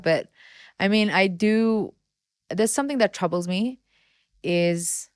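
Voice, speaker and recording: Podcast guest, thirties woman raised in India; heartfelt, lively delivery, dead-dry booth sound. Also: mid-range voice, clean tone, no echo. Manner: heartfelt, expressive, quick to laugh. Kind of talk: candid interview talk.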